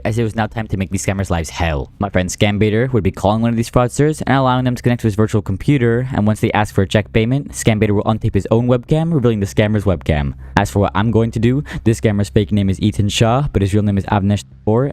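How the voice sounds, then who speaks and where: A man rattles off his narration at a brisk clip, in a somewhat low voice. The mic is close and dry with no room sound. When he turns on the scammers he gets mocking and taunting. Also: mellow, no room sound. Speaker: scambaiter host and narrator. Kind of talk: fast scripted narration.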